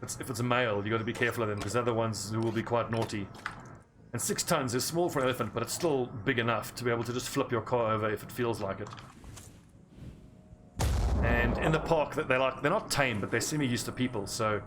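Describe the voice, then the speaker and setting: A man's voice: mid-range voice, fast, noisy background. A man with an English South African accent, chatting casually and rambling while he plays a game. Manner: rambling, chatty, laughs easily. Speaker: gaming streamer. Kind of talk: casual chat over gameplay.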